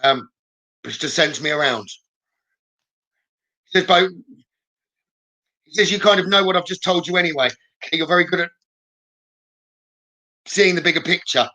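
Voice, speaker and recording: Bright-voiced male psychic, reassuring. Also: on the high side, poor audio. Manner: gentle, reassuring, frequent "okay?" checks; hesitant, with many "um" pauses. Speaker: psychic medium. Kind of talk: live-stream psychic reading.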